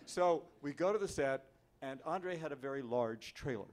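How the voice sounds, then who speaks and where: A man telling a lively anecdote as an actor on a convention panel, speaking into a handheld mic. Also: mid-range voice, normal speed. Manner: lively, animated storyteller. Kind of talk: storytelling anecdote. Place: convention hall.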